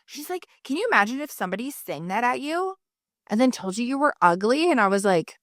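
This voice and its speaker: A woman in her thirties, a mother, co-hosts a podcast in casual chat, speaking fairly quickly in a slightly high voice. She's an animated storyteller who swears freely and acts out quotes, recorded with clean, echo-free studio sound.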